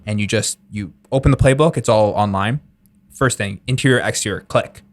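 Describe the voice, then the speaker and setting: A young man talks on a podcast in a casual, excited way, dropping "like" into nearly every sentence. His voice sits a little low. The sound is close and dry, with no room around it. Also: moderate pace, no room sound. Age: young adult. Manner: enthusiastic, filler-heavy, says "like" a lot. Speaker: guest, real estate investor.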